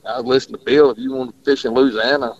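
A man's voice: mid-range voice, fairly even intonation, racing. A man, a fishing guide rambling through stories in casual radio chat and laughing often. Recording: dull lo-fi radio audio.

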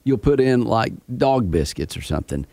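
A man's voice: fairly low pitch, sing-song, normal speed, creaky, mellow, dry recording. A man hosting a morning radio show, chatting and reading survey figures between laughs. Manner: chatty, laughs often, reads survey numbers.

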